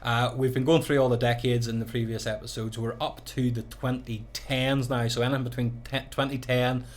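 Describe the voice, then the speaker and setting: A man's voice: mid-range voice, little pitch movement, brisk. A man with a Northern Irish Ballymena accent, co-hosting a podcast as a wedding DJ, telling stories and laughing easily. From Northern Ireland. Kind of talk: casual chat.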